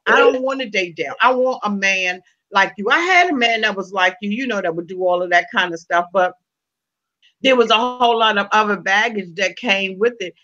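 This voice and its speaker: A woman's voice: medium pitch, normal speed, sharp tone. A woman in her fifties, talking frankly and emphatically in a casual chat. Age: 50s. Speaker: host. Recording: dull lo-fi sound.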